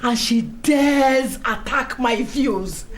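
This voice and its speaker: An actress with a Nigerian accent playing Betty, a proud, furious club matriarch, shouting and laughing scornfully. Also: female voice, a little high, very slow, echoey room. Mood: indignant. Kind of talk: Nollywood film acting.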